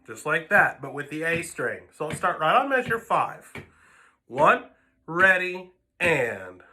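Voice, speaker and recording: A string teacher with a fairly high, sing-song voice patiently leads a music lesson at a moderate pace, with violin playing in the background. He counts the beats aloud and explains the notes to his students.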